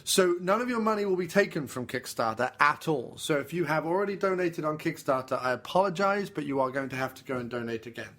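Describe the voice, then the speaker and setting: A man's voice: fairly high pitch, animated, fast talker, hardly any pauses, a bit bright. A man co-hosting a casual film podcast, talking enthusiastically with lots of "uh" fillers and repeated pleas. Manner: enthusiastic, pleading, frequent fillers. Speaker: podcast co-host.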